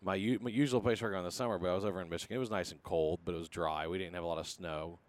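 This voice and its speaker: A man hosting a casual podcast, talking in a rambling, joking way. His voice sits fairly low, and he keeps stopping to restart his sentences. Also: very fast. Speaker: podcast host.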